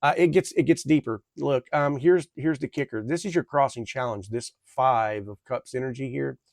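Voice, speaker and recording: A man reads tarot cards to his viewers in a loose, rambling way. He stumbles, restarts and fills the gaps with fillers, his voice sitting at an ordinary middle pitch. The recording is close and dry. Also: creaky, no room sound. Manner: rambling, halting, with many fillers and self-corrections. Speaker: tarot reader. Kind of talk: casual tarot reading to camera.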